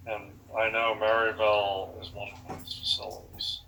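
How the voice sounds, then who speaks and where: A man in a casual conversation, calmly explaining step by step how things may have happened. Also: fairly low pitch, normal speed, vocal fry, noisy background.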